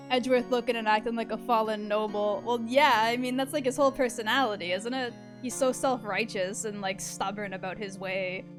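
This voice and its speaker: A woman's voice: a little high, steady tone, moderate pace. A young woman streaming a game, chatting casually, giggling and swearing freely. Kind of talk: casual let's-play commentary. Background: game music.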